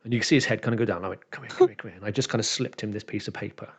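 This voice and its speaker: A man's voice: lowish voice, racing, slightly rough. A man, a dungeon master and podcast co-host, chatting casually and animatedly acting out what his players said. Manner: animated storyteller who acts out what players said. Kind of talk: casual chat, telling a game story. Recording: dull lo-fi recording.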